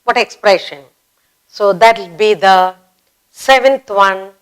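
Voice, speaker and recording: A woman teaching a basic grammar lesson for children. She speaks slowly, repeats key words and acts out example exclamations. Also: mid-range voice, smooth, rough recording. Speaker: English teacher.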